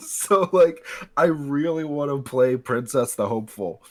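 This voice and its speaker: A man's voice: a little high, animated, slow. A man chatting casually with a friend on stream, with many fillers, laughing and swearing. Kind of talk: casual chat.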